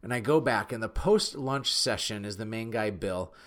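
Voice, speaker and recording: A man from North Dakota with a Midwestern accent, telling a personal story in an animated, earnest, self-deprecating way. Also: fairly low pitch, moderate pace. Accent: Midwestern American. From Fargo, North Dakota.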